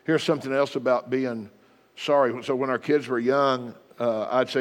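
A man's voice: medium pitch, steady tone, normal speed. Middle-aged pastor guy preaching, earnest and plain, voice ringing around a big church hall. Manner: earnest, plain-spoken preaching with repeated exhortations. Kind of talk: sermon.

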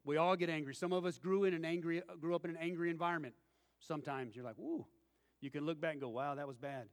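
With a slightly high voice, a steady tone and a fast delivery, this preacher spins homespun tales and performs the quotes of each character. A long, hall-like reverb trails his words.

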